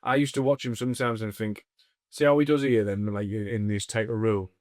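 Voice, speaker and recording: A man's voice: on the low side, brisk, dry recording, studio quality. A man, telling stories as a comedian co-host of a casual podcast, swearing constantly. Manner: swears constantly, animated anecdotes. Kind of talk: casual storytelling chat.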